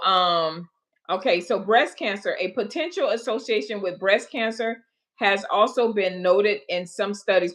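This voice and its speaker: A woman hosting a casual livestream, chatting straight to her viewers with folksy asides and haltingly reading out health facts between comments. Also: fairly low pitch, fairly bright tone. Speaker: livestream host.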